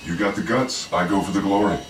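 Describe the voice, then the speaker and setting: An actor voicing a cocky male inventor hero in animated film dialogue, dry and self-assured. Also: low voice, brisk, close to an everyday voice. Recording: roomy film audio with faint noise.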